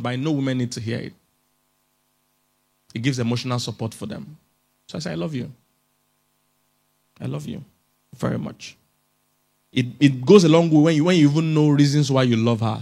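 Jokey man coaching an audience. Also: mid-range voice. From Africa. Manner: jokey, coaxing the audience, chuckles often. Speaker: relationship expert speaking at a conference. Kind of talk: humorous motivational talk to an audience.

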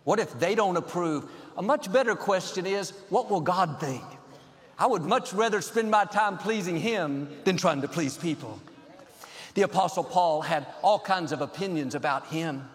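Upbeat male preacher in a big echoing hall. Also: high-pitched. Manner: upbeat, measured preaching with rhythmic lists. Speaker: pastor. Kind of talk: sermon.

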